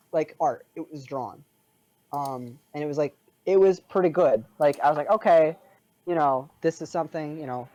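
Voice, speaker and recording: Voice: medium pitch, dark tone, highs cut off. A podcast co-host in casual chat, rambling with lots of filler words and frequent laughter.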